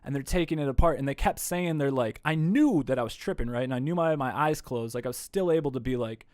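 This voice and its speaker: A man, a podcast guest, telling a story in a casual, animated way, swearing freely. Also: medium pitch, quick pace, clean tone, no room sound, clean studio sound. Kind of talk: casual conversation. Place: indoor room.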